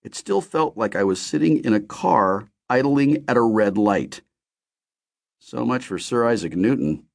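A man narrating a novel in the first person with expressive storytelling. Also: medium pitch, a little slow, gravelly. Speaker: audiobook narrator.

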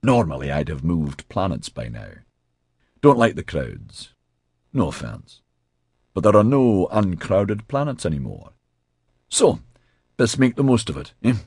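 A man's voice: deep voice, big pitch swings, measured pace, long pauses, darkish tone, breathy edge, no echo, studio quality, full character voice. A man voicing a hearty, rambling bald man with a broad Scottish accent. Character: boisterous bald Scottish man, friendly neighbor.

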